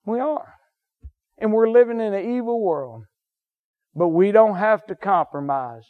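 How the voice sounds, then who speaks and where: A male pastor, preaching a sermon with fervent rises into high shouts and soft, low drops. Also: unhurried, narrow, tinny audio.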